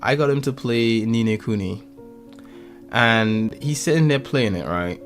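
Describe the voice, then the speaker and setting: A man appearing as a podcast guest tells stories in a casual chat, animatedly acting out the voices and quotes in them. His voice is mid-range and unhurried, with faint music in the background.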